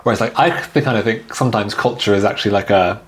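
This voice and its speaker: Low-voiced laid-back man from China. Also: quick pace. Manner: relaxed, peppered with repeated yeahs and likes. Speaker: podcast guest. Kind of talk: casual conversation.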